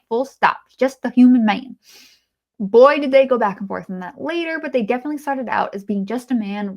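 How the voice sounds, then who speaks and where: A woman hosting an opinionated video essay who talks bluntly and sarcastically in an informal way. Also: on the high side.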